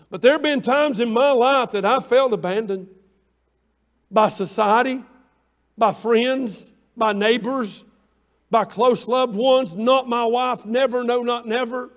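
A man preaching a sermon with passion, repeating phrases in cadence and swinging between hushed pleas and shouts, in a church room. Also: extremely high pitch. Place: church room with online viewers.

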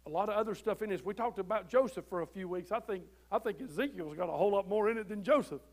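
A man preaching a sermon from the pulpit, folksy and conversational, growing loud when he quotes scripture. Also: high voice, fast talker. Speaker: pastor. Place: church.

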